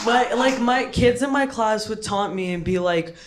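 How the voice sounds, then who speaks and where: Slow, rambling American woman comic. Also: on the high side, heavy background noise. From United States. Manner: rambling, self-mocking, lots of "like" and "bro". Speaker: stand-up comedian. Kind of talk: stand-up set at an open mic. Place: comedy club stage, London. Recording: live club audience audible. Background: audience laughing.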